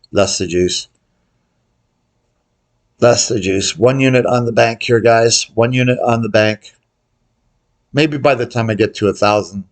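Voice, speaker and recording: An older man hosting a gambling tutorial, calling out bets to viewers in a casual, joking way. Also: mid-range voice. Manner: chatty, jokey, calls out bets to viewers. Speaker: baccarat tutorial host. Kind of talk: casual commentary over live bets.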